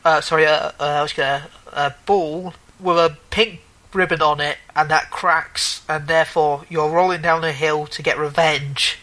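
A man's voice: on the high side, steady tone, normal speed, sharp tone, low-quality recording. A man co-hosting a casual gaming chat show, rambling, correcting himself mid-sentence and joking as he goes. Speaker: podcast co-host.

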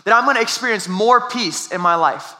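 Bright, high-voiced young pastor. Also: male voice, fairly quick. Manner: conversational, storytelling with restarts and laughs. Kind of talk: sermon.

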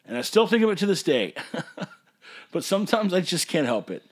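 A man's voice: sits high, sing-song, moderate pace. A man, a brewery owner hosting a podcast, ranting in an emphatic, passionate way that sometimes turns to hollering. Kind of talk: casual ranting monologue.

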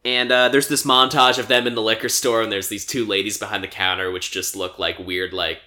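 A young man casually recapping a movie on a podcast, rambling with lots of fillers and quick acted-out quotes. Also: lowish voice, flat delivery, pushed and bright. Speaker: podcast co-host.

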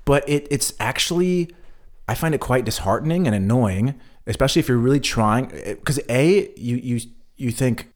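A man's voice: medium pitch, animated, moderate pace. A man co-hosting a casual podcast, chatting and acting out quoted exchanges as he tells stories. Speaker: podcast co-host. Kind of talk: casual chat.

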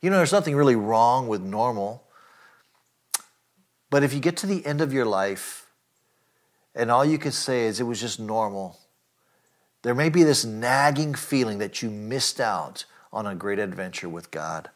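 A man preaching a sermon, earnest and emphatic, often asking his listeners direct questions and filling pauses with "uh" and "you know". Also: medium pitch, expressive. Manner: earnest preaching with rising emphatic lines and frequent fillers. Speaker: pastor.

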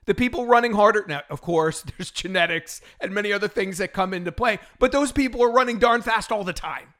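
A middle-aged man hosting a solo fitness podcast, talking in an animated, exasperated rant with frequent laughs. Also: high-pitched, brisk. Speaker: podcast host and fitness trainer.

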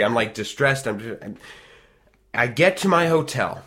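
A man telling a long personal story in casual chat, animated and rambling, with frequent restarts. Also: medium pitch, moderate pace.

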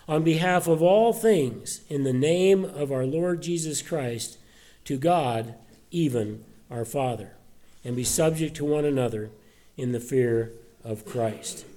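A man preaching a sermon to his church, earnest and conversational, often pausing with uh and restarting his sentences. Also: mid-range voice, warm tone. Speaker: pastor. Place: church service.

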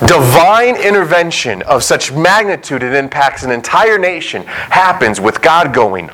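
A man's voice: a little high, sing-song, a little slow, hardly any pauses, fairly bright tone, low-quality recording. A young adult male pastor preaching a sermon in a conversational way, acting out quotes and dialogue.

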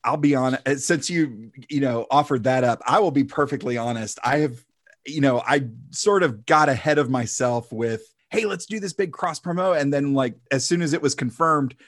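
An American man hosts a casual podcast chat and jokes his way through it with animated asides. His voice sits at a mid pitch, and the recording is dry and close. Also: normal speed, dry recording. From United States. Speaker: podcast host.

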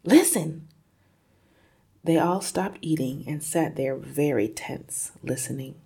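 Slow, husky woman reading a story. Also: extremely low pitch. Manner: expressive, slow and careful. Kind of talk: reading a children's novel aloud with study questions.

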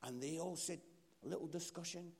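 A Scottish man preaching a sermon in a church, telling a story with lively, acted-out quotes. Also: a little high, a little fast, breathy edge. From Scotland. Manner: animated storytelling, acts out quotes.

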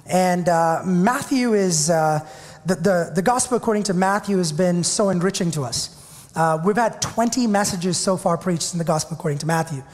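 A man's voice: high voice, normal speed, darkish tone, long reverb tail. A man in his thirties preaching a sermon as pastor, telling a personal story in a conversational, self-deprecating way.

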